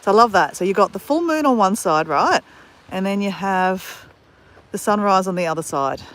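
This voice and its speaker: A woman's voice: medium pitch, expressive, moderate pace, a bit bright. A woman with an Australian accent hosts a casual live stream from a beach on her handheld phone, chatting with viewers by name and laughing often. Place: outdoors at a beach at sunrise.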